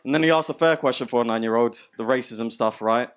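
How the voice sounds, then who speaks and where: A man's voice: medium pitch, fast talker. Young guy doing stand-up, slangy chatty stories, club noise behind. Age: young adult. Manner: conversational storytelling, slangy. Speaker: stand-up comedian. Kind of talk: stand-up comedy set. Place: comedy club stage. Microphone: handheld stage microphone. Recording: live club audio with audience noise.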